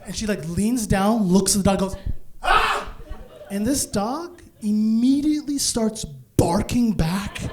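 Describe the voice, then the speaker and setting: A man performing stand-up comedy on stage in front of a live audience, telling a story in an animated way and acting out the people in it. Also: high-pitched, unhurried, few pauses, background noise. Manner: animated, acts out voices, bursts into shouts.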